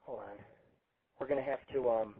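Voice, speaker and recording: Husky, brash, foul-mouthed male show host. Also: medium pitch, fairly even intonation, normal speed. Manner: brash, boastful and heavily profane. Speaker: host of a live internet radio show. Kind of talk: rambling live webcast radio hosting. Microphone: webcam setup. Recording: tinny lo-fi phone-like sound.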